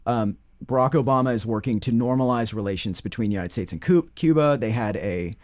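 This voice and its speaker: A man's voice: medium pitch, fairly quick, darkish tone, dry recording. Man talking through a legal case, rambling. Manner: rambling, frequent restarts and self-corrections. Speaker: podcast co-host discussing court cases. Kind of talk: casual legal discussion.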